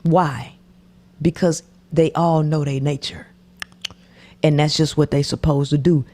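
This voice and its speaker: A woman's voice: low voice, fairly even intonation, unhurried, mellow. A woman commentating on a podcast clip in a preachy way, repeating her points and often dropping to a whisper. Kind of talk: reaction commentary.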